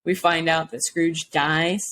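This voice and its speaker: A woman co-hosting a casual movie review podcast, animated and laughing, acting out quotes from the film. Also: slow pace, slight background noise. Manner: animated, laughing, acts out quotes in high voices. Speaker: podcast co-host.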